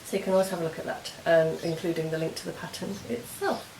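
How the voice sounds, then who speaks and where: Fast-talking, low-voiced, and darkish in tone, a woman runs a knitting podcast where she casually walks through her projects step by step, wandering off track along the way. It's show-and-tell chat, recorded with roomy echo and faint hiss.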